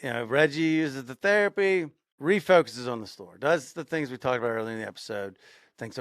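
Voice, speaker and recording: A man's voice: mid-range voice, lively intonation, fairly quick, no echo, studio quality. A man co-hosting a podcast, telling a story casually and building suspense, often repeating phrases for emphasis. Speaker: podcast co-host.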